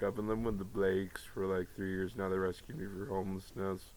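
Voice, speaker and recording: A man's voice: low voice, flat delivery, a little fast, few pauses, a little mellow, slight background noise, poor audio. A man talking to his viewers in a rambling monologue, profane and jumping from one topic to the next. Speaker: vlogger.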